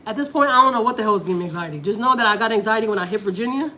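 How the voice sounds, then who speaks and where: A Texas woman talks loosely to her viewers, circling back and repeating herself as she tells a story. Her pitch sits at a middling level. Faint noise hums under the recording. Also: lively intonation, rapid-fire, bright, forceful tone. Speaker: family vlogger. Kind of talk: casual live-stream chat.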